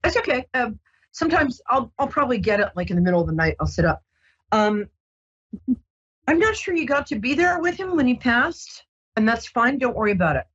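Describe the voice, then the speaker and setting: A woman hosting a psychic radio show, talking gently and reassuringly with many ums and restarts. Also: a little high, sing-song, fairly quick, husky, highs cut off. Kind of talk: casual radio psychic reading.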